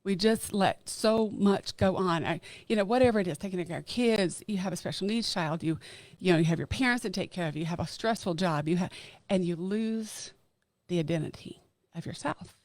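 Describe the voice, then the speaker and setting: Earnest middle-aged woman, low dry voice. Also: darkish tone, no room sound. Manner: earnest and emphatic, slowing down on key phrases. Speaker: podcast guest. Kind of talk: casual chat.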